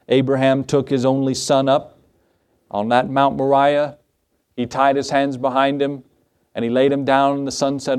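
A man's voice: medium pitch, fairly even intonation, a little slow, darkish tone, smooth. Earnest man preaching a sermon. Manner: earnest preaching with repeated refrains. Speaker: pastor. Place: church.

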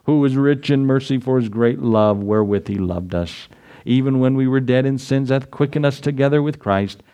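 A male pastor delivers a sermon in a folksy, animated way. He reads scripture aloud and acts out little voices, chuckling as he goes. His voice sits at an ordinary middle pitch. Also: normal speed.

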